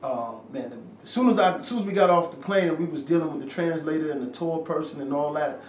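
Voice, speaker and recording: A rapper, talking after an interview, tells a story fast in a slightly high voice, using slang, acting out quotes and swearing as he goes. A handheld camera films him in a room. The sound is echoey and distant, with faint ambient noise.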